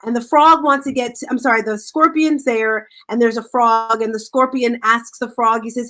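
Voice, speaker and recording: A woman author talking about her book in an interview, telling stories in an animated, upbeat way. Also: a little high, normal speed, hardly any pauses. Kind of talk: casual interview talk.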